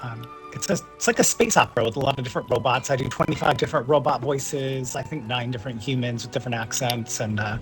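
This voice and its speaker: A man's voice: mid-range voice, fast, few pauses, a bit bright, faint music behind. A man chatting casually before a game stream, easygoing and playful, laughing often. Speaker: co-host and player, audiobook narrator.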